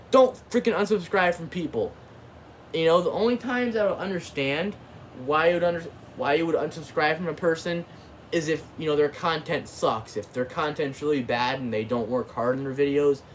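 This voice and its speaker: A man's voice: fairly high pitch, normal speed, a little hiss or hum. Rambling man ranting to camera. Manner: rambling, repeats filler words and mild cursing. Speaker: channel host. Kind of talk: casual ranting vlog.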